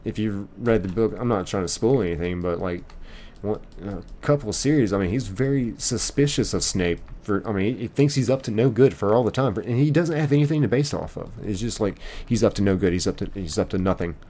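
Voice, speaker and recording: A man's voice: on the low side, a little fast, dark tone, a little hiss or hum. A young man hosting a live stream, casually reading viewer comments aloud and rambling with lots of fillers. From United States.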